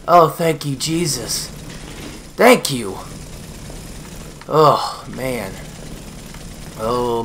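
A man giving let's play commentary on a horror game, swearing and yelling taunts at the enemy. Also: mid-range voice, a little hiss or hum. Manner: profane, yells taunts at the enemy. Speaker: gaming video host.

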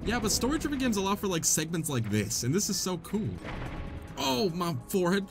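A young man giving excitable, joking let's-play commentary, talking to the game, laughing and swearing as he plays. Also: high voice, fairly quick. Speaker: gaming channel host. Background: game music.

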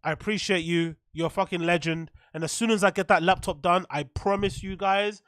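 A man reacting to clips and thanking donors on a casual live stream, animated and swearing freely. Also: high-pitched, brisk, dry recording, studio quality. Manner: animated, swearing, loud shout-outs.

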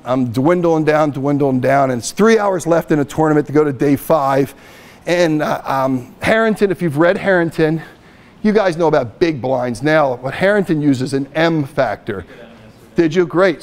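A middle-aged man giving a poker lecture as a guest speaker, telling lively anecdotes and acting out the dialogue. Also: on the high side. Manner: animated anecdotes, acts out dialogue. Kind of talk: storytelling lecture.

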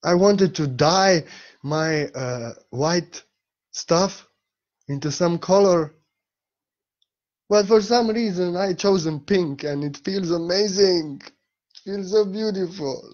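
A man's voice: high voice, slow, pauses often, darkish tone, highs cut off. A man giving an earnest spiritual talk in a vlog, repeating key phrases for emphasis. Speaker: spiritual teacher.

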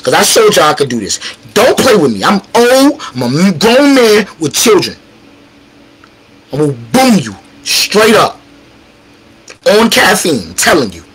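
A man chatting casually on a livestream as a battle rapper guest, animated, profane and combative, teasing the chat directly. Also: high-pitched, a little slow, pauses often, a little hiss or hum.

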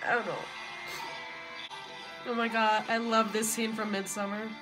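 A young woman reacting live to a TV episode, excitable and emotional, blurting and shouting at the screen and swearing freely. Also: on the high side, unhurried, music in the background, poor audio. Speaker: reaction video host. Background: episode soundtrack playing.

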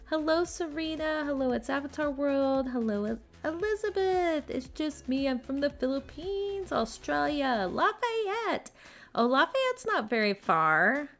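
A woman's voice: sits high, expressive, measured pace, fairly bright tone, soft background music. Chatty woman live-streaming to viewers. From Texas, USA. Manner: chatty, greeting viewers by name. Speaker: channel host.

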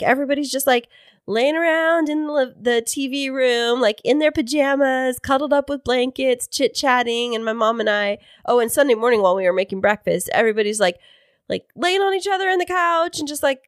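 A woman's voice: no echo, studio quality. A woman co-hosting a casual podcast with her husband, telling stories animatedly. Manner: animated storyteller, mimics others in high voices. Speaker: podcast co-host. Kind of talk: casual chat. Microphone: studio microphone.

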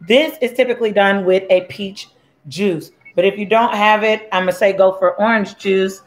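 Mixing a drink on a relaxed live stream from her home kitchen, this cooking show host jokes around and welcomes viewers by name. Her voice is mid-range and her pace is normal.

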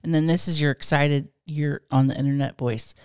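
A woman's voice: low voice, fairly even intonation, normal speed, darkish tone, a little hiss or hum. A woman co-hosting a casual late-night podcast chat, playful and teasing. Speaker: podcast co-host.

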